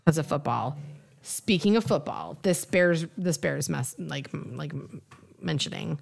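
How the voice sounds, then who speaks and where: Chatty young woman podcast co-host, gravelly. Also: low voice, expressive, measured pace. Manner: chatty storyteller, lots of "like". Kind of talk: casual chat.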